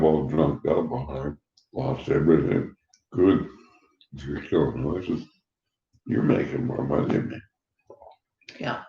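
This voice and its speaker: A man in his sixties with a gravelly voice, rambling bluntly and profanely and laughing between remarks. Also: rumbling low, mellow. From Canada. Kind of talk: rambling personal monologue. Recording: dull echoey room recording.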